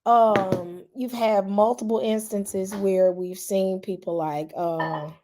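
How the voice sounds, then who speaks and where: A woman's voice: mid-range voice, slow, slight background noise. A woman, chatting casually with her livestream viewers and greeting them by name. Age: 40s. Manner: chatty and animated, calls out to viewers, frequent "y'all". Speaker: YouTube channel host.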